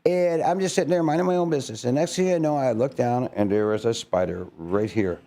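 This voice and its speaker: A man with a Midwestern American accent hosting a casual morning radio show from a studio, telling jokey, animated stories. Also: medium pitch, fairly quick, vocal fry.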